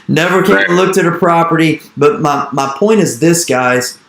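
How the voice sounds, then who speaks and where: A man in his thirties telling an animated story in an interview, repeating his phrases and acting out the dialogue he quotes. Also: fairly high pitch, measured pace, creaky, roomy sound, slight background noise. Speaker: real estate investor speaking to an investor group. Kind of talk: energetic storytelling talk.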